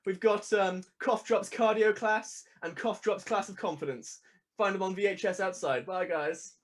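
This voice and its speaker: A man voicing a male athlete who showboats and pitches his merchandise in a brash, salesy way. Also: moderate pace, lightly acted. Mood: showboating.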